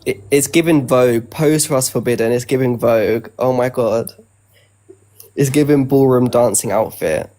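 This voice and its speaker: A man's voice: mid-range voice, moderate pace, dark tone. A man not from the US in casual live-stream banter, chatty and teasing, full of slang. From outside the US.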